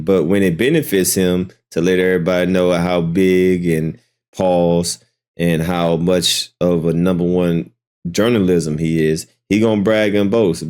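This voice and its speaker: Slow, incredulous man reacting to a clip. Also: low voice, darkish tone. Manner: incredulous, mocking, swears freely. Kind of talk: casual reaction commentary.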